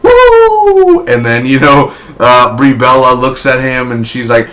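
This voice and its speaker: A man's voice: flat delivery, moderate pace. A young man giving a casual, rambling spoken review, with frequent restarts and fillers. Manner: rambling, restarts often, bursts into loud high woo shouts. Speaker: wrestling reviewer.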